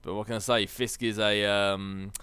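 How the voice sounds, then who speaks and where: A man's voice: lowish voice, flat delivery, normal speed, sharp tone, clean tone, dry recording. A man giving casual, jokey commentary over a video game, musing aloud and laughing often. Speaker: gameplay commentator. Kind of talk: casual Let's Play commentary.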